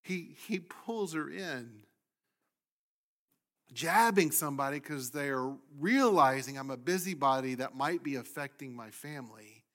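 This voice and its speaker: Pastor dropping to a near-whisper. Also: male voice, high voice, moderate pace. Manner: swings from loud emphasis to hushed near-whisper. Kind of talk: sermon.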